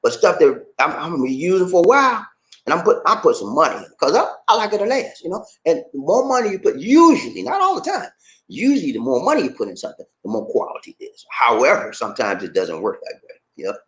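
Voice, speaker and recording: A man from Charleston, South Carolina, with a Gullah Geechee accent, chatting casually to camera in an animated, laughing way, full of slang like "man" and "baby". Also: fairly high pitch, quick pace. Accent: Gullah Geechee, South Carolina Lowcountry. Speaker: vlogger. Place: Philippines.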